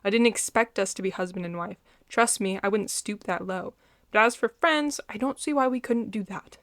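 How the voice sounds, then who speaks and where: A woman voicing a sharp-tongued young bride, reading her lines aloud from a novel with defiant sarcasm. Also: medium pitch, moderate pace, dry recording, clean studio sound, natural voice. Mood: wry.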